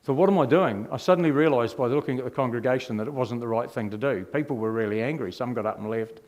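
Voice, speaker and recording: A middle-aged man tells his own life story as a testimony. He speaks in an animated way and often turns to the audience with rhetorical questions. His voice sits at an ordinary male pitch. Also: quick pace. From New Zealand.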